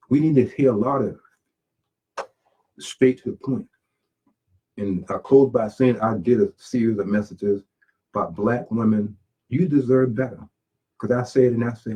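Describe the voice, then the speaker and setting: A man's voice: mid-range voice, a little slow, pauses often, warm tone, husky, rough recording. A man talking casually about his books and life in a rambling, plain-spoken monologue with preachy asides. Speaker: self-published author and channel host.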